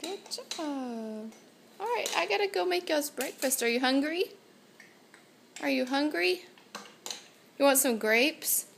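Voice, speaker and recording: High, slow sing-song mom. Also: female voice, expressive, gravelly, a bit bright, slight background noise. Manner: coaxing sing-song baby talk. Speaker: mother filming her toddlers. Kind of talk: home video, talking to small children. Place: living room at home.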